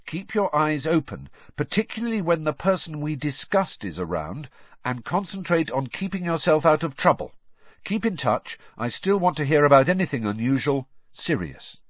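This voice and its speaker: Earnest teenage boy, plain and direct, storybook reading, read by a man, husky and dry. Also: fairly high pitch, no echo, pitched above the performer's own voice. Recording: dry, slightly muffled.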